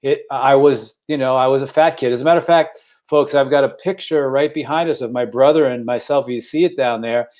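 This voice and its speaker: A man in his sixties, originally from Staten Island, telling a personal story on a podcast over a video call, halting and repeating words with feeling. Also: mid-range voice, darkish tone, dull audio. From Staten Island, New York. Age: 60s. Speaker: podcast co-host.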